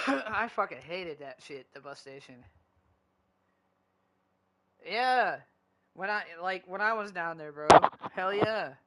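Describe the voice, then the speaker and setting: A man talks to his stream while he plays, rambling from one gripe to the next and swearing in nearly every sentence. His voice is bright and forward. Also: high-pitched, expressive, slow, pauses often, a little hiss or hum. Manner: profane, loose and rambling. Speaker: gaming streamer. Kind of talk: casual chat while gaming.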